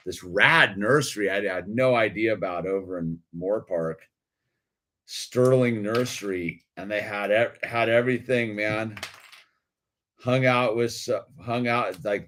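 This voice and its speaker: A man's voice: on the low side, a bit bright, a little hiss or hum. A middle-aged man telling a rambling story in laid-back slang, calling everyone dude and laughing often. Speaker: video creator.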